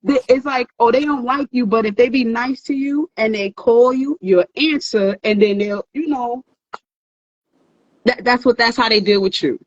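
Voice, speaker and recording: A woman's voice: a little high, moderate pace, dry recording, highs cut off. A woman giving earnest, emphatic advice in a casual talk, often repeating words as she goes. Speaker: therapist host.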